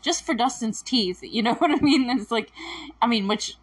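A woman's voice: on the high side, animated, moderate pace, slightly rough. A woman recapping a TV episode in a chatty, emotional way, with lots of fillers and self-corrections. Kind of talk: casual recap commentary.

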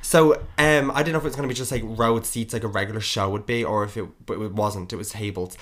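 A young man with an Irish accent, talking fast in a bright, forceful voice. He tells a story in loose podcast chat, swearing freely and acting out what everyone said. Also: fairly low pitch, a little hiss or hum. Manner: animated storytelling, swearing, quotes himself. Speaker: podcast co-host. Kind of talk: casual chat.

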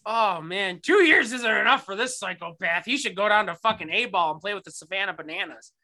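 A man's voice: high-pitched, lively intonation, brisk, bright, forceful tone. Ranting sarcastic man in his thirties. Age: 30s. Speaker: podcast co-host. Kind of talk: casual sports chat.

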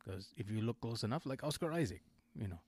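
A man's voice: mid-range voice, expressive, quick pace, darkish tone, no echo. A man hosting a podcast in casual chat, rambling and digressing, often correcting himself mid-sentence. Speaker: podcast host.

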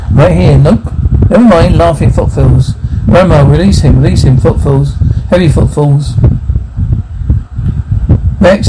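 A man with a gravelly, fairly high voice reads a film's lines and its sound captions straight through. He keeps every part and cue in his own voice. A steady hiss of background noise runs under him.

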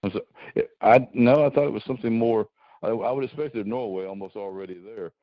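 A man, a podcast guest, arguing his point in halting speech that repeats words, on dull lo-fi audio. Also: on the low side, dry recording. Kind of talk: casual political discussion.

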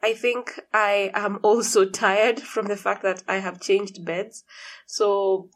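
A young woman hosting her podcast in casual chat, a little hoarse and tired, laughing often, in an echoey room with a high ceiling. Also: takes it slowly. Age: young adult. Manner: relaxed, chatty, laughs often. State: hoarse morning voice. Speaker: podcast host. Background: noisy fridge.

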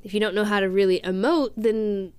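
A woman's voice: medium pitch, steady tone, a little fast, smooth, no echo. A woman voice actress in a casual chat, speaking earnestly and laughing easily.

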